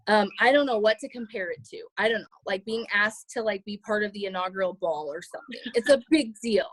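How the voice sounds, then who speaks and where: A woman on a group call, holding back tears and rambling warmly with many fillers. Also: medium pitch, a little fast, no room sound, low-quality recording. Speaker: team member on a group call. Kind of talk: emotional tribute on a group call.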